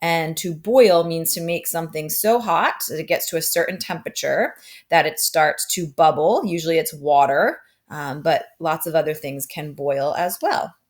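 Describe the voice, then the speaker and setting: A woman gives a phonics lesson to young children in a patient, upbeat way, often checking in with the listener. Her voice sits a little low for a woman. She keeps things clear and encouraging. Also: normal speed. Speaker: teacher.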